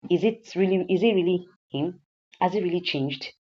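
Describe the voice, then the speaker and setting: A woman with a Nigerian accent voicing a daughter who gently coaxes and advises her father, in a movie recap. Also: lowish voice, moderate pace, dull audio, close to an everyday voice. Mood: hopeful. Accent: Nigerian English. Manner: gentle, coaxing, repetitive. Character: caring teenage daughter coaxing her father.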